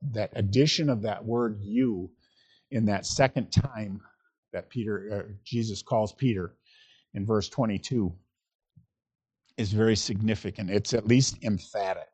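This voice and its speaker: A middle-aged man preaching a sermon in a relaxed, conversational way, with reflective chuckling asides and frequent restarts. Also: lowish voice, a little slow, slightly rough. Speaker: pastor.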